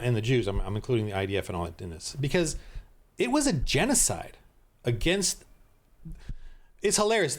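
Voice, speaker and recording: A middle-aged man reacts to a clip in a heated, rambling rant and keeps breaking off and restarting. His voice sits slightly high for a man. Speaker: Christian commentator. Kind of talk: ranting reaction commentary.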